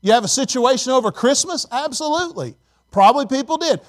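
A man's voice: very high-pitched, lively intonation, quick pace. A middle-aged male pastor preaching a sermon emphatically, calling on the congregation for responses.

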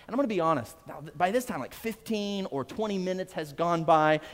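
A high-pitched man preaching a sermon in a relaxed, storytelling way. He talks conversationally, repeats phrases and leans on "uh" fillers. His voice carries a long, echoing reverb from a big hall. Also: a little fast. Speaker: pastor.

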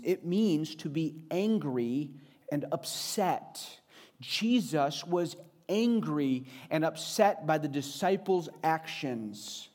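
A man delivers a sermon in an earnest, teaching manner. His voice sits a touch higher than typical for a man, and he slows down and speeds up to stress his points. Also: darkish tone. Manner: earnest, varies pitch and pace for emphasis. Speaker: pastor.

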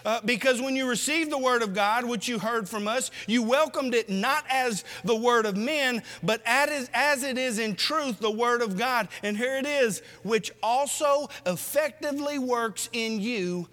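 A man's voice: extremely high pitch, measured pace, few pauses, pushed and bright. A man preaching a sermon, exhorting his congregation with rhetorical questions. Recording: long hall reverb.

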